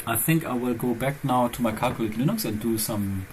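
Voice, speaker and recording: A man hosting his own channel chats loosely and thinks aloud, wandering from one point to the next. His has a turn, and his voice sits at an ordinary pitch for a man. A faint noise hangs in the background. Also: a little fast, low-quality recording. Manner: rambling, chatty, thinking aloud. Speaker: channel host. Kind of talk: casual chat.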